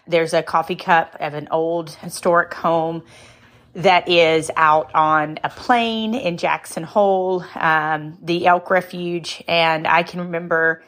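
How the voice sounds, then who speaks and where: A woman's voice: on the low side, fairly even intonation, slow pace. A middle-aged woman hosting a motivational podcast, speaking earnestly and emotionally, moved to tears at times. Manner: warm, emotional, earnest, cries easily. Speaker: podcast host.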